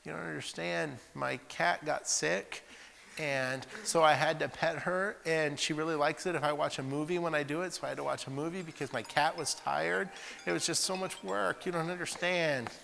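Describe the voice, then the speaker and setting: A man's voice: steady tone, normal speed, vocal fry, pushed and bright, a little hiss or hum, heavily acted. A man voicing a whiny teenage student who makes excuses in a pleading, raised voice, in a church hall with reverb. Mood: whining. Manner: pleading, high-pitched excuses.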